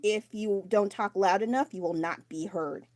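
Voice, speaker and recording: Loud, candid woman chatting on a phone. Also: mid-range voice, normal speed, no room sound. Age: adult. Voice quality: loud, raised voice. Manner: candid, rambling, swears casually. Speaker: streamer. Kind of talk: casual live-stream chat. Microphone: phone mic.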